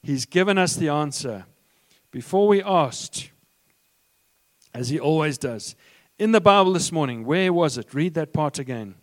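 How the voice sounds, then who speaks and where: A man reading aloud and voicing a calm, faithful woman prisoner who speaks matter-of-factly and eagerly. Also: fairly high pitch, unhurried, pauses often, pitched above the performer's own voice. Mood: excited.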